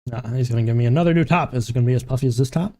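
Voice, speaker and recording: A man's voice: medium pitch, racing, warm tone. A man streaming a game live, chatting casually, joking, humming and talking to himself as he plays.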